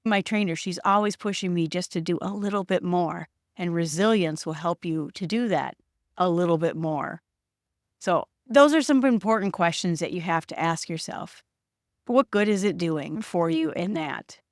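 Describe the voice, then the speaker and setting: A woman's voice: fairly low pitch, normal speed, dry recording, clean studio sound. A woman hosting a solo podcast, talking through her own thoughts in a reflective way and acting out the voice in her head. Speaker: podcast host. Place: home setup recorded on video.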